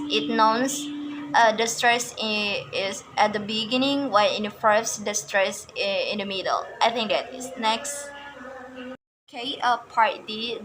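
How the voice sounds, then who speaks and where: Slow halting woman reading a word list. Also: medium pitch, fairly bright tone, a little hiss or hum, low-quality recording. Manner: halting, with many fillers, repeats and self-corrections. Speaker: English learner presenting stress rules. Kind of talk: reading out an English lesson.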